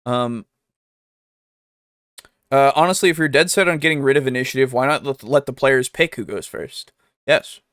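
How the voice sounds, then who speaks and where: A man's voice: mid-range voice, normal speed, pauses often, fairly bright tone, no room sound. Chatty man on a dry mic. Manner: chatty, enthusiastic, laughs often, many fillers. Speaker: podcast co-host. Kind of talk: casual chat.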